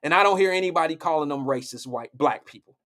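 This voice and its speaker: Blunt, profane man with a high voice. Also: lively intonation, fast, fairly bright tone. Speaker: live show host. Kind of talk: political commentary.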